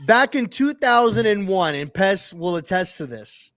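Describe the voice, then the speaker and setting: A man's voice: sits high, big pitch swings, measured pace, fairly bright tone. A man co-hosting a sports talk show, teasing his partner and interrupting to push back on his claims. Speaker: sports podcast co-host. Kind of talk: casual sports debate.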